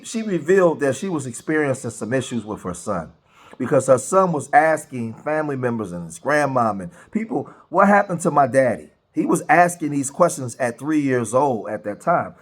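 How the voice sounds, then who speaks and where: A man hosting a casual commentary, talking in an animated way, restarting phrases and asking rhetorical questions. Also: mid-range voice. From grew up in a rough city neighborhood. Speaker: commentary host.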